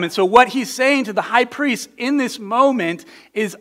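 Male pastor, high voice, earnest conversational sermon, repeats words. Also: expressive, moderate pace, hardly any pauses, fairly bright tone. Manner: earnest, emphatic, often repeats words when restarting.

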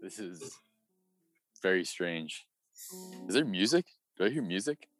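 A man's voice: low-pitched, expressive, a little slow, a bit bright, soft background music. A young man on a podcast, asking puzzled questions and giggling in casual banter. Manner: quizzical, giggly. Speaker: podcast co-host.

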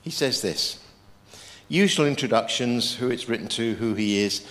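A man's voice: mid-range voice, moderate pace. Guy preaching a sermon, voice swinging up and down a lot, big hall echo. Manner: lively, emphatic preaching with quoted scripture. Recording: long hall reverb.

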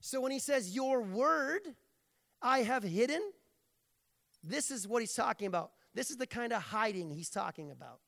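Gravelly high-voiced preacher in a hall. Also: male voice, big pitch swings, moderate pace, sharp tone. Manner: playful, jokey storytelling. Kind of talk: sermon. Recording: long reverb of a large hall.

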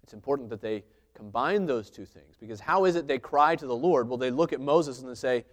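A man preaching in a relaxed, conversational way, with a voice that sits in an ordinary middle pitch. He teaches through a text at an unhurried pace. He thinks aloud and scatters filler sounds between his thoughts. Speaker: preacher teaching a Bible passage. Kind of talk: conversational sermon.

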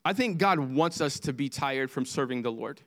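A man preaching a sermon as pastor, swinging from impassioned highs to hushed lows. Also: animated, moderate pace.

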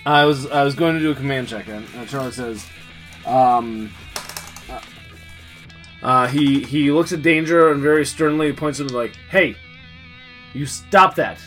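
A man playing a tabletop role-playing game, talking haltingly with many fillers. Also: mid-range voice, a bit bright, faint music behind. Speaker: player.

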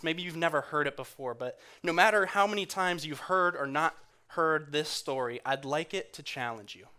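A man preaching in a church, earnest and conversational, going quiet and soft when he quotes others. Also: a little high. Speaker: guest speaker in church. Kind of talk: sermon.

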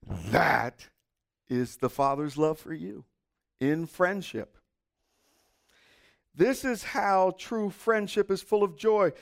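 A middle-aged male pastor delivering a sermon in a slightly high voice. He takes his time, and his pitch swings widely as he tells stories. Now and then he drops to a soft aside. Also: creaky. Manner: expressive storytelling with sudden soft asides.

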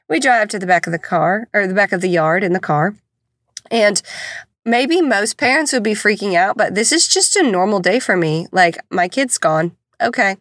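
A woman's voice: medium pitch, expressive, moderate pace, no echo. A woman, casually telling stories about her kids, chatty and exasperated, with self-deprecating humor. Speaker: podcast host and mother of four. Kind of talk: casual storytelling monologue.

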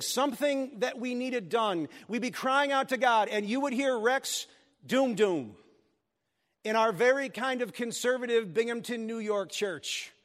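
Joking pastor preaching in a reverberant hall. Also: male voice, very high-pitched. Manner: animated, joking asides to the congregation. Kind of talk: sermon. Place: church sanctuary.

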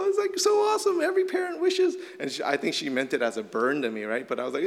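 A middle-aged man, a little hoarse from shouting, preaching a casual, conversational sermon full of "like" fillers. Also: medium pitch, big pitch swings, fast talker, hardly any pauses. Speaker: pastor. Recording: long hall reverb.

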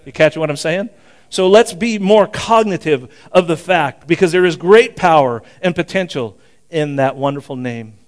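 An older man in his sixties delivers a sermon in a smooth, resonant voice that sits a little high for a man. His preaching is conversational, with frequent asides, repeated words and restarts as he talks to the congregation. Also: normal speed. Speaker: pastor.

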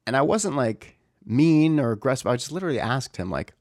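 A man's voice: mid-range voice, very animated, a little fast, no echo, clean studio sound. A young man candidly recounting a family conflict in casual speech, often stopping to correct himself. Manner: candid, searching, restarts often. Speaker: storyteller. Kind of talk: casual personal storytelling.

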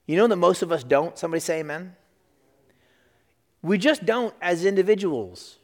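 In a high-pitched voice at moderate pace, a middle-aged man delivers a story within a church sermon. He's an animated storyteller who plays out each person's quoted words, recorded with the long reverb of a large hall.

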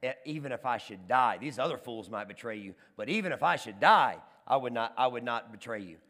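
A man's voice: fairly low pitch, normal speed, a bit bright, pitched below the performer's own voice. A man voices an impulsive, boastful disciple who insists on his own loyalty and blusters defensively. The voice carries a long reverb, as in a large hall. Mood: defiant.

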